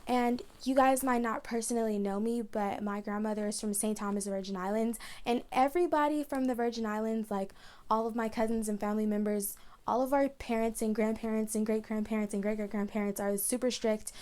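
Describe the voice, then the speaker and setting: A young woman talks straight to her viewers in a storytime vlog. Her voice sits a little high, and she talks fast and emotionally, with "like" all through her sentences. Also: fairly even intonation, a little mellow. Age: young adult. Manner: chatty, emotional, fast retelling with many "like"s. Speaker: vlogger.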